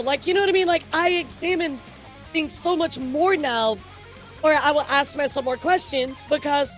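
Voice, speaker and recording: High-voiced woman chatting to stream chat. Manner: chatty, repeats words, frequent laughs. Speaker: streamer news host. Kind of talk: casual live-stream commentary to chat.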